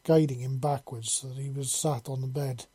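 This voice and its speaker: A man narrating a storybook chapter in a calm, unhurried, even way. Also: mid-range voice, slightly rough. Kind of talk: storybook reading.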